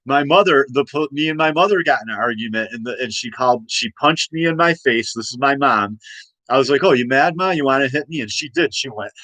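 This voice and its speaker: Male host, forties, agitated monologue, lots of false starts, mid pitch, dead-dry room. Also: expressive, a little fast, pushed and bright, no echo, low-quality recording. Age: 40s. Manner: rambling, repetitive, agitated, many restarts. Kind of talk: late-night ranting monologue.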